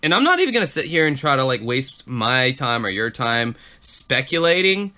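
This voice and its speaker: A man's voice: mid-range voice, sing-song, moderate pace, pushed and bright. A man co-hosting a podcast, chatting casually and swearing freely. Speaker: podcast co-host. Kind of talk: casual chat.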